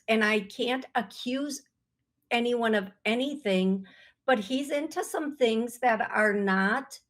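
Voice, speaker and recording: Woman, radio host, psychic medium, slow pace, earnest, apologetic. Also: on the high side. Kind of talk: call-in radio show.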